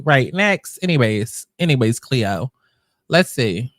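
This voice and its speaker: A man's voice: mid-range voice, very animated, a little slow, a bit bright, no room sound, studio quality. A man with a New York accent hosting casual commentary, blunt and swearing freely. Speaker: commentary host.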